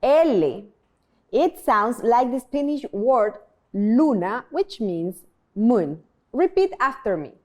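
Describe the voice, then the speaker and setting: A woman teaching a beginners' language lesson, speaking in a clear, drawn-out way and pausing for her listeners to repeat. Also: on the high side, sing-song, a little mellow. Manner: clear, drawn-out enunciation with pauses for repetition. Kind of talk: slow, deliberate language lesson narration.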